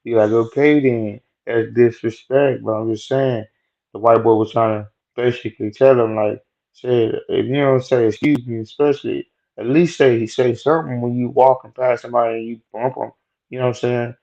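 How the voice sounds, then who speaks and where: A man's voice: mid-range voice, steady tone, moderate pace, vocal fry, warm tone. A young man telling a rambling, profane story about a workplace run-in in a loose, slangy way. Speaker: vlogger telling a work story. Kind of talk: casual storytelling monologue. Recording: dull lo-fi audio.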